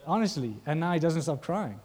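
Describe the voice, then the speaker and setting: A man's voice: fairly high pitch, sing-song, brisk, darkish tone. A male preacher giving a conversational sermon, often asking the congregation questions.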